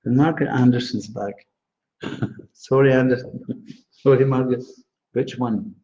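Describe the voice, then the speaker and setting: A chatty man doing psychic readings on a live stream, with a mellow, dark voice. He talks in a reassuring, laughing way. The sound is dull and low-fidelity. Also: steady tone, unhurried. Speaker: psychic astrologer.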